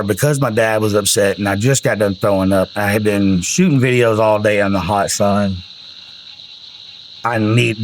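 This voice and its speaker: This is a rough recording with slight background noise. A country singer with a fairly low voice rambles casually through profane stories about his albums and music.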